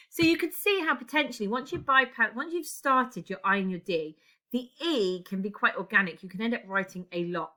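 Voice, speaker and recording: Bright-voiced woman teaching while typing. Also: on the high side, animated, a little fast. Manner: talks while typing, thinking aloud. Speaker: English teacher. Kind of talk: recorded exam-writing lesson.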